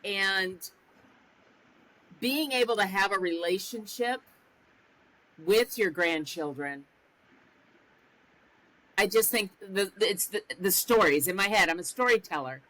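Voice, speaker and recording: A woman's voice: mid-range voice, measured pace, pauses often, a bit bright, poor audio. A woman in her sixties hosting a podcast interview, talking in a reflective way and thinking aloud as she goes. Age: 60s. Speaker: podcast host. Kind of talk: conversational interview.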